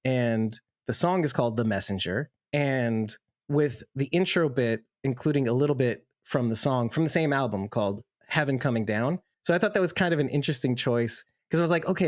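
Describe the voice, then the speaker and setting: A man's voice: medium pitch, darkish tone, dry recording, studio quality. A man hosting a podcast with friends, casual and joking, from Texas. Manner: joking, playful, trying mock French. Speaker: podcast host.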